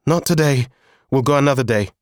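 A man's voice: medium pitch, brisk, no room sound, studio quality, voice pushed up, close to an everyday voice. A man playing a worried young man, a caring older brother, in an audiobook reading. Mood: anxious calling.

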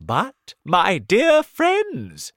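An old grasshopper, kindly and hopeful, speaks in a raised, bright storybook voice, put on by a man. He draws his words out slowly and swoops up and down. Reassuring even when things look bad. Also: fairly high pitch, dry recording, clean studio sound, pitched above the performer's own voice, full character voice.

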